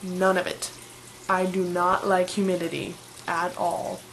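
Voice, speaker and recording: A woman's voice: fairly low pitch, monotone, a little slow, fairly bright tone, slight background noise, rough recording. A young woman in her twenties, chatting casually and enthusiastically as she answers questions in a vlog. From Colorado, USA. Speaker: vlogger.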